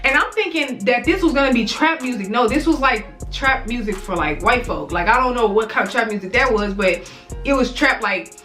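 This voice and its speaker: A woman's voice: a little high, lively intonation, moderate pace, fairly bright tone, soft background music. A young woman in her twenties, a vlogger telling a casual, profane storytime full of fillers.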